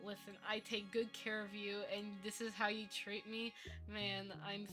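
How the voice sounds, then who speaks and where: Streaming live as a VTuber while she models in 3D, a woman chats playfully, giggling and putting on mock-villain theatrics. Her mid-range voice stays fairly flat in pitch at a moderate pace, with music playing underneath.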